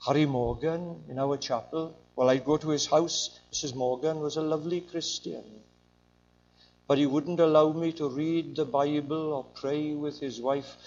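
An older man preaching a sermon, his voice sitting a little high for a man. He drives his points home with emphatic swings up and down. The recording sounds dull and lo-fi. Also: steady tone, moderate pace, darkish tone. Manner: emphatic, rising and falling.

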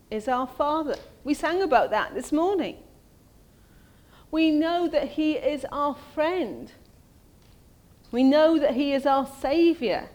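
A woman's voice: high voice, a little mellow. A woman preaching a sermon in a conversational way, often ending her points with tag questions.

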